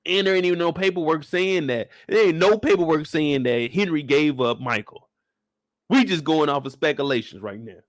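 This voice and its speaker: A man's voice: a little high, moderate pace, no room sound. A man giving casual TV recap commentary, joking, slangy and full of swearing. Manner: animated, slangy, profane, joking. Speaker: TV recap reviewer.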